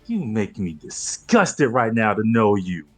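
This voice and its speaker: Man scolding in character, lively pitch. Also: breathy edge, soft background music. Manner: scolding, slow and deliberate in character. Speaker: player. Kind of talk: in-character tabletop role-play.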